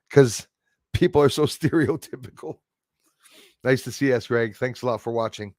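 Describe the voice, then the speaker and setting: A man rambles through a casual livestream, reading out viewer comments, laughing often and trailing off with fillers. His voice sits at an ordinary middle pitch. The sound is dry and close, with no room echo. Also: takes it slowly, long pauses, darkish tone. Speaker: livestream host.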